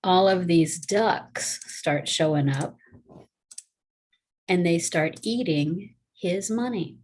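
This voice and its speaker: A retired teacher, explaining things step by step in a chatty, folksy way during a casual video lesson recorded at home. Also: female voice, lowish voice, takes it slowly, darkish tone.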